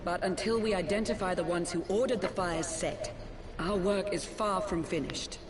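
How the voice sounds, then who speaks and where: A woman's voice: on the low side, moderate pace, natural voice. An actress playing a dutiful, composed female knight in a video game, speaking formally. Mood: serious. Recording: echoey game audio with noise.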